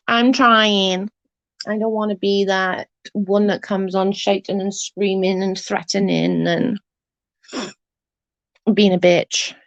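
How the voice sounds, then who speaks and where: A woman's voice: medium pitch, little pitch movement, slow, creaky, long pauses, no room sound. A woman with an English accent chatting casually on a livestream, blunt and sweary as she answers comments. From England. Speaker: livestream host. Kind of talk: casual live chat reading comments. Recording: dull dry lo-fi stream audio.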